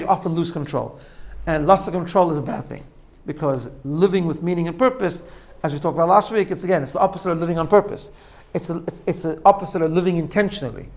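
A man giving a spoken lesson, explaining step by step with frequent "right?" checks and repeated phrases. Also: on the high side. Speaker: teacher. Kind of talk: spoken lesson on self-growth.

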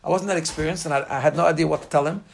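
A man's voice: fairly high pitch, steady tone, very fast, gravelly, a little hiss or hum. A man giving an informal class on faith, speaking earnestly and emphatically and weaving in personal stories. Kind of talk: informal spoken class lecture with personal anecdotes.

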